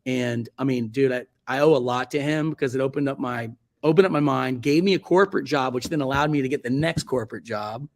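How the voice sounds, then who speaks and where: In a casual interview, a middle-pitched man in his forties, a guest photographer from Virginia Beach in the United States, recounts his past a little fast, with vocal fry. He's chatty and rambling, restarting sentences and leaning on fillers like "like" and "you know," and his voice leaps much higher whenever he quotes someone.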